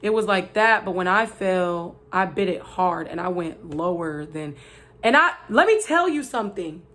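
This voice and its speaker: A woman's voice: lowish voice, normal speed. Chatty woman vlogger telling a story. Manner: chatty, animated, full of "like" and asides to viewers. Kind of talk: casual storytelling to camera.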